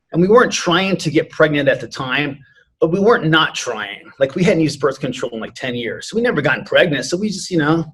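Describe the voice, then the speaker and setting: Man, 40s, husky breathy voice, earnest rambling storyteller, interview guest. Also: mid-range voice, fairly bright tone. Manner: earnest, rambling, many "you know" fillers. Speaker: podcast guest, martial arts instructor. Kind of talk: candid personal storytelling.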